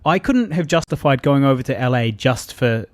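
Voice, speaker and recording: A man's voice: medium pitch, lively intonation, moderate pace, dry recording. A young man with a New Zealand accent chatting casually, rambling and laughing often as he acts out quotes. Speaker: actor guest on a podcast. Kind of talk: casual chat.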